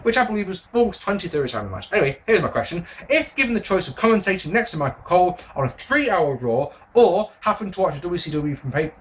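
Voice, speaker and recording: A man's voice: on the high side, fairly bright tone, slight background noise. Sweary rambling man vlogging. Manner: rambling, sweary, self-deprecating. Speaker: wrestling video reviewer. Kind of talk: casual Q&A vlog.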